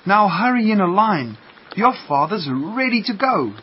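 A man voicing a caring mother duck in a children's story, speaking softly and coaxingly. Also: high-pitched, big pitch swings, slow, pitched above the performer's own voice, heavily acted. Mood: cheerful. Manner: soft and coaxing. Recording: muffled lo-fi radio, faint hiss.

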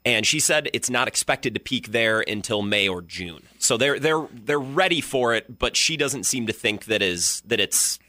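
Bright-toned male radio co-host. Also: mid-range voice, lively intonation, moderate pace, few pauses, no room sound. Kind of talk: casual talk radio chat.

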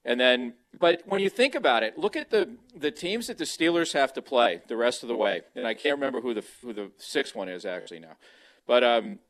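A man's voice: medium pitch, expressive, brisk, a bit bright. A man talking football as a radio guest from his home, rambling with many restarts, on a handheld microphone. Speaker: guest on sports talk radio. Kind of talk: casual sports talk over a remote mic. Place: at home, beside a kitchen.

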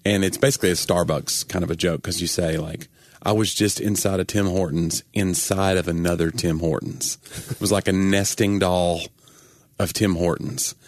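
A man's voice: low voice, fairly even intonation, moderate pace, dry recording. A comedian co-hosting a casual chat, telling stories in a dry way and acting out his joke lines. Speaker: comedian, podcast co-host.

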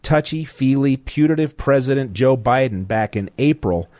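A man's voice: mid-range voice, expressive, moderate pace, a little mellow, dry recording, studio quality. A man hosting a talk radio call-in show, talking bluntly and with indignation to his callers. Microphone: studio microphone.

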